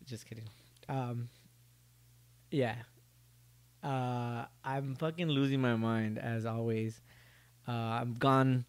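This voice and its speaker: A man's voice: mid-range voice, fairly even intonation, measured pace, long pauses, a little mellow, dry recording. Young man, solo podcast host, casual profane rambling, jokey, dry recording.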